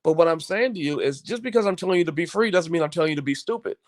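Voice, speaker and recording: A man's voice: on the high side, lively intonation, rapid-fire, no room sound. A man hosting his own online show, giving opinionated commentary to viewers in an emphatic, preachy way, often repeating words and restarting.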